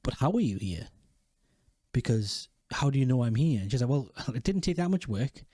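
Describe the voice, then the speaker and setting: A man's voice: mid-range voice, very animated, moderate pace, dark tone, dry recording, studio quality. A man recapping a TV episode in casual, rambling commentary, swearing and correcting himself as he goes. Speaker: video host.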